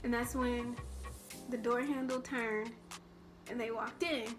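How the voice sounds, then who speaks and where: A woman's voice: on the high side, steady tone, measured pace, over music. A young woman telling a personal story in a casual storytime vlog, rambling and full of restarts. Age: young adult. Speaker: vlogger.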